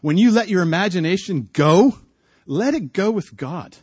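A middle-aged man preaching outdoors, telling a personal story, swinging between hushed and loud moments. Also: sits high, lively intonation, normal speed, husky, no room sound. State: coughing, clearing throat.

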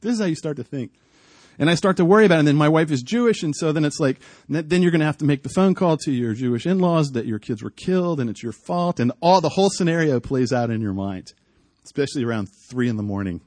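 A middle-aged man preaching outdoors, telling a personal story, swinging between hushed and loud moments. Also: fairly high pitch, quick pace, no room sound. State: coughing, clearing throat.

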